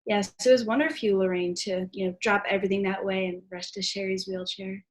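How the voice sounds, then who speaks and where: A woman's voice: medium pitch, fast, close to an everyday voice. A young woman acting a dry, sardonic secretary in a school play read over a video call. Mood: wry. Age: teens. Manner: deadpan, wry. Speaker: student actor. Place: at home.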